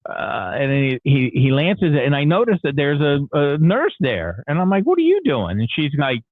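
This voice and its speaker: A man's voice: a little high, expressive, normal speed, no echo. A man calling in as a radio host, telling a long candid story in casual, rambling talk with many restarts. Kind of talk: casual morning show chat. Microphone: phone call. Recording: tinny phone line.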